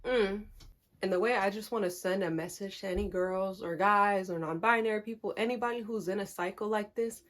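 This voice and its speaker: A young woman telling a candid storytime vlog, animated and talking straight to her viewers, laughing often. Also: mid-range voice, fairly quick. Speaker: vlogger.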